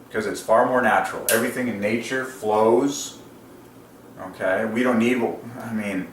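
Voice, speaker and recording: Excitable ranting man, roomy and distant. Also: on the low side. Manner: enthusiastic, ranting, laughs often. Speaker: channel host. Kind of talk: casual video monologue. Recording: roomy echo, distant from mic, faint noise.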